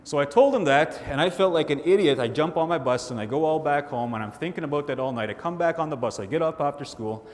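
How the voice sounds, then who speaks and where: A man's voice: quick pace, hardly any pauses. Man telling stories in a big hall. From Canada. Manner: animated storytelling, acts out friends' voices. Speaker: keynote speaker. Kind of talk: motivational keynote storytelling. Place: large hall with audience. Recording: hall reverb, faint rumble.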